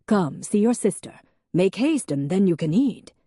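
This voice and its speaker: A woman's voice: medium pitch, big pitch swings, normal speed, warm tone, slightly rough, dry recording, studio quality, pitched above the performer's own voice. A woman voicing a bustling, doting stepmother in an audiobook.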